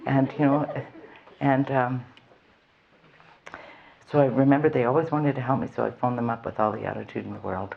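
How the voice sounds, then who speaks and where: A woman's voice: rumbling low, steady tone, normal speed, vocal fry, long pauses, breathy edge, lo-fi sound. A woman frankly telling her recovery story to a live audience, with a wry, self-mocking humor. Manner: candid, wry, laughs often at herself. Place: event hall with an audience.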